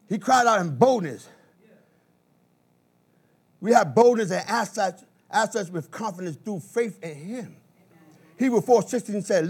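A man preaching a sermon in an animated call-and-response style, with bursts of shouting. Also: high-pitched, normal speed, slightly rough.

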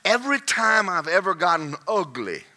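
A male pastor preaching a sermon, swinging from folksy joking asides to shouted, singsong climaxes. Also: high voice, very animated, moderate pace.

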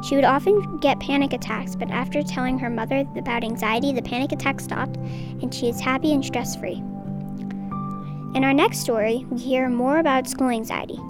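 A woman host reading a scripted link between stories in an even, measured way. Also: high-pitched. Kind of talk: scripted narration. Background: loud music.

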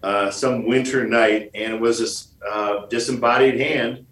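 A man's voice: mid-range voice, steady tone, measured pace, fairly bright tone, far from the mic. Joking storyteller man, echoey off-mic sound. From Michigan, USA. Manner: jokey storyteller, plays out quoted lines. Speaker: guest. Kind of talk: podcast interview.

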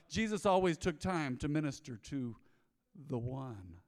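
Pastor, male, somewhat high voice, animated storyteller preaching in a big reverberant sanctuary. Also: normal speed. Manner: storytelling, animated, acts out dialogue. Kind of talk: sermon. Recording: long hall reverb.

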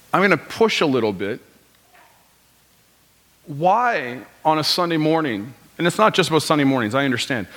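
A male pastor in his thirties delivers a casual, story-driven sermon, tossing out rhetorical questions and quoting his listeners in playful voices. His voice sits slightly high for a man. The church hall adds a long, ringing reverb. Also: a bit bright. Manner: conversational preaching, rhetorical questions, quotes people in voices. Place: church sanctuary.

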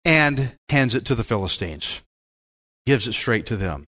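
A man preaching a Bible-teaching sermon as pastor, in a folksy, joking and animated way. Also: medium pitch, measured pace.

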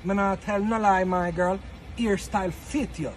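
A woman's voice: medium pitch, fairly even intonation, normal speed, a little hiss or hum, natural voice. A woman putting on a flirty man's voice with an exaggerated Caribbean lilt, as a joke impression.

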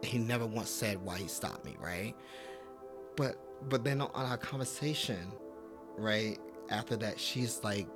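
Animated male podcast guest telling stories. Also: on the low side, measured pace, music in the background. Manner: animated, acts out quoted dialogue with fillers. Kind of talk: casual conversational storytelling.

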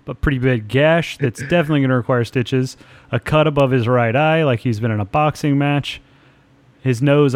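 A man co-hosting a sports podcast, cracking jokes and teasing with crude banter. His voice sits at a middle pitch and sounds dry and close, with no room echo. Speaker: podcast co-host. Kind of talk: casual sports chat.

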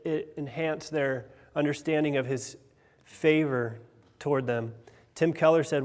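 A man in his thirties preaching a sermon as pastor, earnest, rising loud on key phrases and dropping soft on others. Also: a little high. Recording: long hall reverb.

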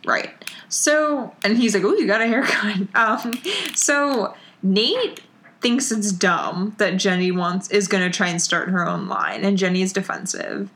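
A woman co-hosting a podcast over a remote call, retelling a TV episode in an animated, chatty way. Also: mid-range voice, unhurried. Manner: chatty, animated retelling with lots of "like" and quoted lines. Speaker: podcast co-host recapping a TV show. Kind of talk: casual chat.

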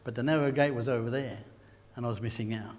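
An Australian man preaching a sermon, telling stories and rising to loud bursts. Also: mid-range voice, steady tone, fast. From Queensland, Australia. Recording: long hall reverb.

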